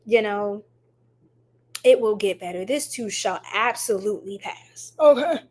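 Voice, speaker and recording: A woman's voice: mid-range voice, a little slow, darkish tone. A woman hosting a livestream tarot reading, chatting affectionately with viewers and reading their comments aloud. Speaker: tarot reader livestream host.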